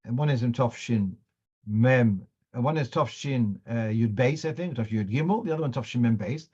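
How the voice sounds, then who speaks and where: Male teacher giving a Jewish law class, mid-pitched, explains with examples, muffled recording. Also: normal speed, mellow, husky. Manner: explanatory, digressive, uses examples; mixes in Hebrew and Yiddish terms.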